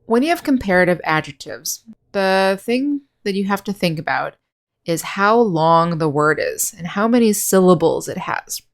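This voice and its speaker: A patient woman teacher talks through a grammar lesson in a slightly low voice. She explains step by step with plenty of examples and slows down to spell out and repeat key words. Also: animated. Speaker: English teacher.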